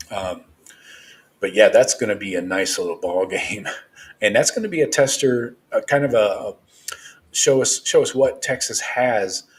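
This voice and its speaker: Deep-voiced man hosting casual sports chat. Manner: loose, rambling, partisan fan talk. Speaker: live show host.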